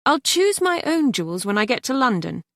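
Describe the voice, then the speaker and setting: A woman's voice: a little high, sing-song, normal speed, fairly bright tone, dry recording, clean studio sound, pitched above the performer's own voice. A woman voicing a spirited young bride who speaks airily and defiantly. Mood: defiant airy. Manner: airy, defiant.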